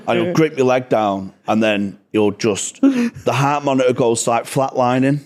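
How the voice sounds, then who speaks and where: A man's voice: mid-range voice, big pitch swings, takes it slowly. A man in his twenties with a Manchester accent, telling sweary, self-deprecating stories as a comedian guest on a casual podcast. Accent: Mancunian. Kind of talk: casual podcast chat, storytelling.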